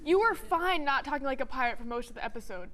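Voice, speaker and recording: A woman's voice: high-pitched, animated, fast talker, bright, forceful tone. A young woman co-hosting a scripted student comedy show, playing the cheerful, bemused straight woman. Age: young adult. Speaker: co-host.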